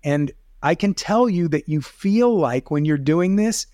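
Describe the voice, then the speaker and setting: A man's voice: fairly high pitch, animated, a little slow, a little mellow, no echo, clean studio sound. A middle-aged man, a video coach, explaining as a podcast guest in casual talk, demonstrative with rising and falling emphasis.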